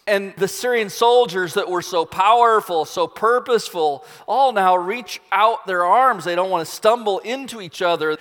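A man's voice: sits high, fairly bright tone, long reverb tail. A man preaching, retelling a story dramatically. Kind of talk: sermon storytelling.

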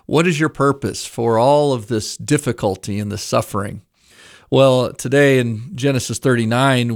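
A male Bible teacher introducing the day's message in an earnest pastoral tone. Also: mid-range voice. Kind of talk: studio intro to a sermon.

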